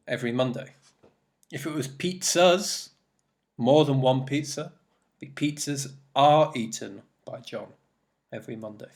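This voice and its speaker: Slow, deliberate male English teacher. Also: mid-range voice. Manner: slow, deliberate explaining with repeated examples. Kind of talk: recorded grammar lesson.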